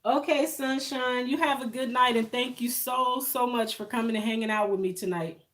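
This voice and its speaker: A woman's voice: on the high side, fairly even intonation, normal speed, fairly bright tone. A woman, chatting on a live stream, emotional and thankful, laughing often. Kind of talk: casual live-stream chat with viewers.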